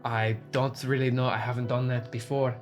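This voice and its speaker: A man playing a tabletop game, hesitant and filling with "like", quiet. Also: medium pitch, flat delivery, normal speed, soft background music. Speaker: player. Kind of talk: tabletop role-play, casual.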